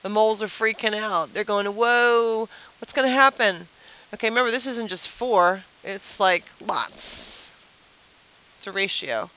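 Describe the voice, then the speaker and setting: A woman's voice: medium pitch, expressive, unhurried, bright, forceful tone, rough recording. A woman teacher giving a chatty review lesson at a whiteboard, asking the class questions and explaining with playful everyday comparisons.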